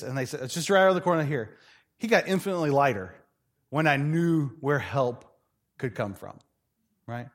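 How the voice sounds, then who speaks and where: A middle-aged male pastor preaching a sermon, telling funny stories and acting out the people in them. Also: high voice. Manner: animated, joking, acts out voices in his stories.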